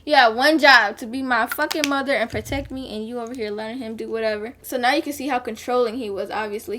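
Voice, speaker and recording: A woman's voice: a little high, fairly bright tone. A young woman vlogger, chatting candidly and animatedly as she tells a personal story while doing her makeup. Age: young adult.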